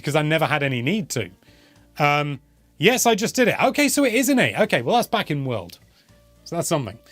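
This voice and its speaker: Answering viewer questions on a laid-back live stream, this young host has a slightly high, fairly bright voice with no echo. He rambles and chats, frequently fixing what he says mid-sentence.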